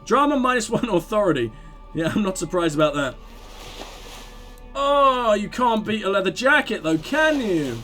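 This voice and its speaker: A man hosting a let's play, reading game dialogue and commenting in an animated, jokey way. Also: high-pitched, moderate pace, soft background music. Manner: animated, jokey, laughs easily.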